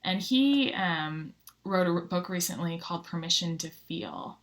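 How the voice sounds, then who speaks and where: Woman pastor, low-ish voice, chatty check-in tone, lots of ums. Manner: warm conversational, frequent ums and rights. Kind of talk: casual video check-in with congregation.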